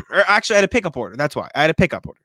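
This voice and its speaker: A young man co-hosts a casual podcast, telling animated stories full of swearing. His voice is bright and forceful, recorded dry and close to the mic. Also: a little high, racing, no echo. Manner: profane, animated storytelling. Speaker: podcast co-host. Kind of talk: casual chat.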